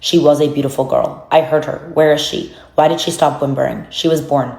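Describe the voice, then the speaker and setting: Low fast-reading woman, echoey room. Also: fairly even intonation, gravelly, a little mellow. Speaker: narrator reading documents. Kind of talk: solemn reading aloud.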